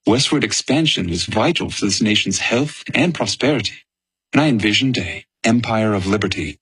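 Brief: man as a reflective founding president, calm measured delivery, dry close mic. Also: lowish voice, slightly rough, no room sound, full character voice, rough recording. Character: thoughtful statesman and president, bookish man. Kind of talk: first-person historical monologue.

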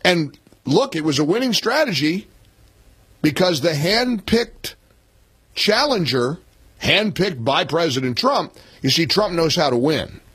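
A man's voice: on the high side, animated, measured pace, fairly bright tone, husky, dry recording. A man in his sixties hosting a talk radio show, speaking emphatically and repeating points for punch. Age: 60s. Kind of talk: opinionated political talk radio.

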